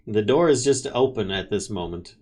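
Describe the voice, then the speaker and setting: A man's voice: fairly low pitch, lively intonation, moderate pace, a little mellow. A man running a tabletop game as game master, describing scenes and laughing often as he narrates.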